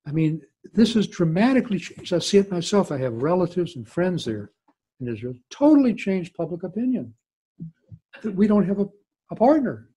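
Older Southern man, husky storytelling voice. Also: high voice, very animated, normal speed, dark tone. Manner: anecdotal, emphatic, digressive storyteller. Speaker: guest speaker, former diplomat. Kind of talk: storytelling talk with audience Q&A.

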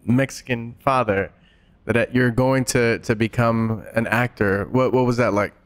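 A man hosting a casual interview, asking questions in a halting way with restarts. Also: mid-range voice, fairly even intonation, clean tone. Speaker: interview host.

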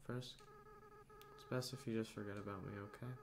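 A man reading out the lines of a young goat-monster boy in a game, soft and halting, as if choked up with regret. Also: lowish voice, steady tone, noisy background, close to an everyday voice. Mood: tender farewell. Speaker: gamer reading game dialogue aloud. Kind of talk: dramatic reading of game dialogue.

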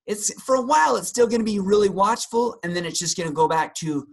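Animated man explaining with dramatic flair. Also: sits high, fast, creaky, breathy edge, poor audio. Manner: animated, acts out angry outbursts and quotes. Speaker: guest health practitioner. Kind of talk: casual health discussion.

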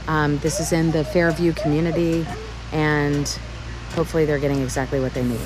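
A woman reporter speaks on scene in a friendly, brisk way. Her voice is very low for a woman. She sounds easy and direct. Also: flat delivery, poor audio. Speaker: news reporter.

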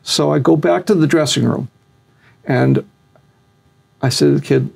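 Gravelly-voiced older man telling a story. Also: fairly high pitch, a little slow. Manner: animated storyteller, acts out quotes, laughs. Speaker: interview guest, former boxing fixer. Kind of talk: storytelling in a sit-down interview.

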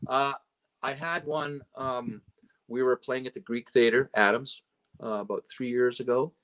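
A man's voice: medium pitch, steady tone, a little slow, fairly bright tone. A man from Canada, a guest telling stories in casual chat, rambling and full of "you know" and "right?". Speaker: guest, road and stage manager.

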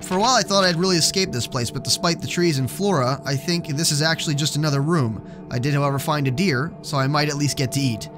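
A man's voice: fairly high pitch, fast, few pauses, music in the background. A young man commenting on a horror game as he plays, joking and swearing when startled. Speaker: let's play gamer.

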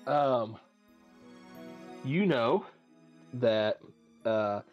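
A man runs a tabletop game, narrating loosely and thinking aloud with plenty of fillers. His voice sits at an average pitch, and the audio is slightly dull and lo-fi with faint music underneath. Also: animated, drawn-out words. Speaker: game master.

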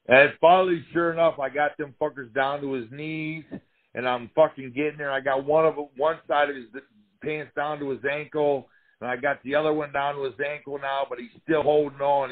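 A man tells loud, profane stories from his fighting days, and his voice keeps rising and dropping as he gets caught up in them. His pitch sits in an ordinary middle range. The audio comes through thin and narrow, like a phone line. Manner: profane, animated storyteller. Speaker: former fighter telling career stories. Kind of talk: casual storytelling interview.

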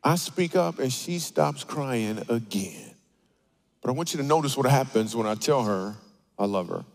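A man preaching a comedic sermon in a church auditorium, telling stories with animated, playful asides. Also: mid-range voice, normal speed, vocal fry. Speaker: guest speaker.

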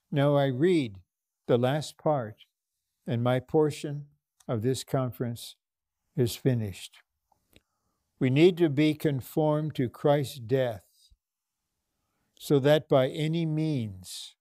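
A man preaching a conference sermon, slow and emphatic, repeating his points and breaking into prayer. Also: medium pitch, dark tone, no echo, clean studio sound. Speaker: conference speaker.

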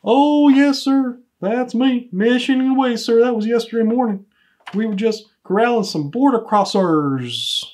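A man's voice: a little high, normal speed, a little mellow, natural voice. A man playing an eager, clueless border officer. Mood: defensive. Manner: eager, deferential, rambling excuses. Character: dim, eager male border patrol officer. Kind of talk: comedy sketch acting.

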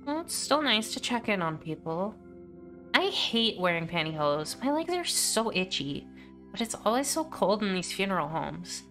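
A woman's voice: medium pitch, very animated, normal speed, a bit bright, soft background music. A woman streamer talking through a game in a chatty, candid way. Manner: chatty, candid, laughs easily. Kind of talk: casual let's-play commentary.

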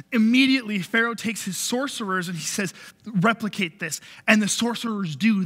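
A man's voice: high voice, a bit bright, long reverb tail. A man preaching a sermon as pastor, telling the story with animation and briefly acting out the voices of the people in it. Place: church.

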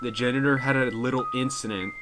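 A man commentating on a game he plays, excitable and jokey, with loud reactions. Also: mid-range voice, fast, loud music behind the voice. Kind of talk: gameplay commentary.

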